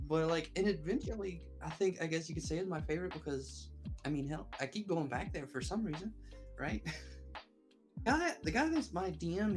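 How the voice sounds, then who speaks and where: A podcast co-host in a casual chat, rambling and laughing often. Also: medium pitch. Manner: giggly and rambling.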